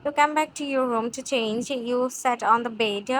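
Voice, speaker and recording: Woman, story reader, bright tone, slightly high, halting with restarts. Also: slight background noise, poor audio. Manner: halting reading with restarts and fillers. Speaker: narrator. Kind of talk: reading a fan fiction story aloud.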